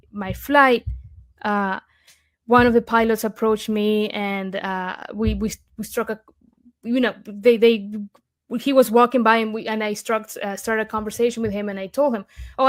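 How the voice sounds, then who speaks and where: A woman from Argentina with an Argentine Spanish accent, a guest in an interview, telling a story eagerly with many fillers and restarts. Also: fairly high pitch.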